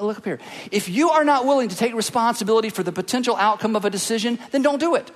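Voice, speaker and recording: A man's voice: very high voice, a bit bright. A man preaching a sermon as pastor, emphatic and repetitive, rallying the congregation. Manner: emphatic, repetitive, rallies the crowd. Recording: echoey hall reverb.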